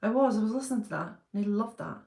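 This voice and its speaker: Woman, live-stream host, chatty and laughing, reads viewer comments aloud; mid-pitched voice, echoey room. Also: lively intonation, very fast, creaky, a little mellow. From Britain. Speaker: channel host reading live chat. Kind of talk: casual live-stream chat. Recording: roomy echo.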